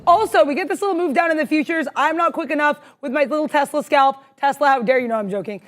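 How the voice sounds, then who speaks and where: A woman co-hosting a live trading stream, excitable and rambling, jittery with adrenaline. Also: high voice, quick pace. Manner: excitable, rambling, self-deprecating. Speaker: stream co-host, day trader.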